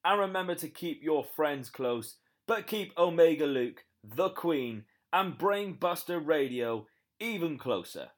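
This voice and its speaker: A young British man with a British accent speaks in a fairly high, expressive voice without hurrying. He sounds upbeat and promotional as a guest pick on a pre-recorded wrestling podcast segment.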